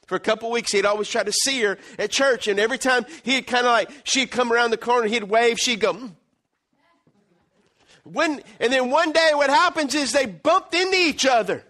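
A middle-aged male pastor preaching an animated sermon, acting out little scenes and swinging between loud and quiet. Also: very high voice, a little fast, hardly any pauses.

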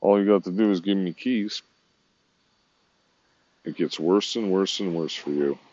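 A man's voice: low-pitched, a little slow, a little mellow, lo-fi sound. A man talking to himself in a rambling, disjointed monologue, swearing now and then.

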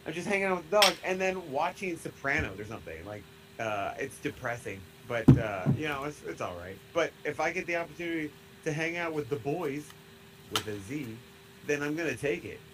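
A man's voice: fairly high pitch, lively intonation, a little fast, heavy background noise. A man with a Midwestern American accent co-hosting a casual podcast, rambling with many fillers and frequent laughter. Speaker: podcast co-host.

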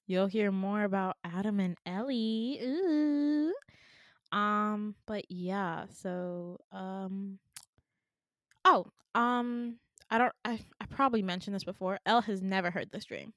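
A woman's voice: medium pitch, takes it slowly, a bit bright, no room sound, studio quality. A young woman co-hosting a podcast, casually telling a dream in a rambling way, full of fillers. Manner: rambling with many fillers and laughs. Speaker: podcast co-host.

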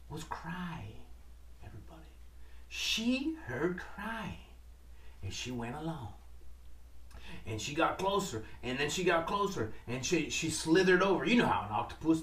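A man's voice: a little high, a bit bright, recorded from a distance. A man telling a story to listeners, dramatic and calling out to them. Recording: roomy, from off mic.

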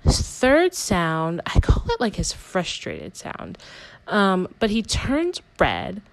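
A woman's voice: mid-range voice, wildly swooping pitch, slow, no echo, rough recording. A young woman hosting a casual personal podcast, talking candidly in a rambling way with lots of "like" and self-corrections. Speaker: podcast host.

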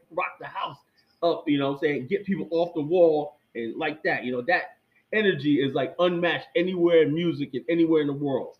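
A middle-aged man, a guest, telling stories in casual chat, rambling and animated, with many fillers and restarts. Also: on the high side, muffled recording.

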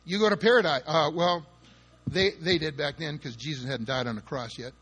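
A man preaching with a fairly high voice and an emphatic, dramatic style. He leans hard into key words, spells them out, and acts out the scenes he describes for his listeners. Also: normal speed, fairly bright tone, husky, faint music behind. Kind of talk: sermon.

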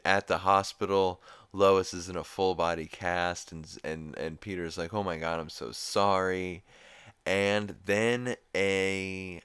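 A man's voice: deep voice, a bit bright, clean tone, dry recording. A young man hosting a podcast, recapping a cartoon episode in a rambling, laid-back way with casual swearing. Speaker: podcast host.

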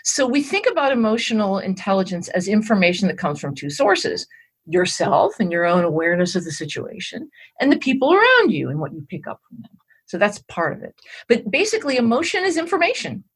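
Woman, interview guest expert; lively pitch, breathy edge, talks through ideas step by step. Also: fairly quick. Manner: animated, explains step by step with "all right" check-ins. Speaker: guest expert on emotional intelligence. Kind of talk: explanatory interview talk.

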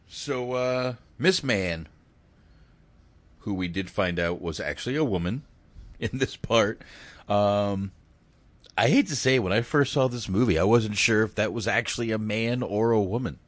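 A man's voice: on the low side, a little slow, dry recording. A man hosting a casual film chat, rambling and crude, with many hesitations. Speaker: podcast host.

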